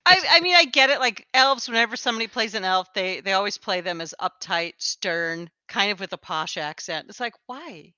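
A woman chats casually on a podcast, poking fun at herself and laughing often. Her voice is bright, with lively swings in pitch. The sound is dry and somewhat dull, like lo-fi podcast audio. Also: moderate pace, hardly any pauses, no echo. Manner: self-deprecating, laughs often. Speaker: podcast co-host and game master. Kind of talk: casual chat.

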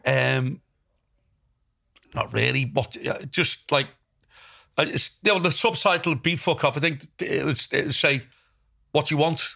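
A man's voice: medium pitch, a little slow, creaky, long pauses, sharp tone. An older man with a Liverpool accent, hosting a podcast in casual chat, blunt, sweary and rambling. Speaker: podcast host.

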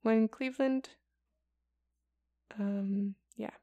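Chatty young woman with a gravelly edge. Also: mid-range voice, steady tone, extremely slow, mellow, no room sound. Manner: chatty and casual, heavy with fillers like "like" and "um". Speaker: podcast co-host presenting a report. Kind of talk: casual chat.

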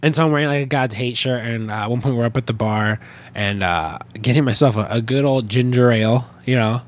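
A man's voice: mid-range voice, a little fast. Rambling, swearing podcast host guy. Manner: rambling, profane, filler-heavy. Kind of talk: casual chat, storytelling.

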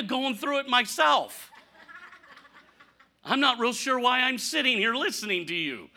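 A man preaching a conversational sermon, candid and humorous, asking rhetorical questions and swinging from punchy lines to near-quiet asides. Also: very high-pitched, a little slow, vocal fry, pauses often. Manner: animated, rhetorical questions, sudden drops to quiet; candid, self-deprecating humor. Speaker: pastor.

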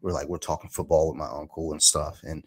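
Deep-voiced man in his forties, swearing. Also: fast talker, slightly rough. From Detroit. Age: 40s. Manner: animated, laughing, swears freely. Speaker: podcast guest. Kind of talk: casual chat.

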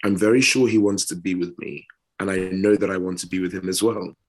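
Deep-voiced British man, earnest and unhurried. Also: fairly even intonation, breathy edge. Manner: earnest, unhurried, drawn-out pauses. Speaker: podcast co-host. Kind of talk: casual podcast chat.

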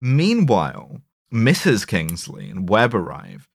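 A man's voice: lowish voice, slow pace, creaky, dry recording. A man casually recapping a film on a podcast, rambling and swearing, acting out lines. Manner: profane, rambling, animated recap with quoted voices. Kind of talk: casual chat.

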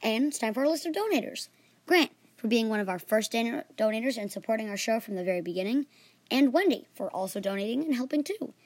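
A young girl narrating her own podcast tale, earnest and animated, stumbling now and then. Her voice sits fairly high and sounds dry and close to the mic. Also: fast talker, no room sound. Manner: earnest, animated reading with small slips. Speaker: podcast host and storyteller.

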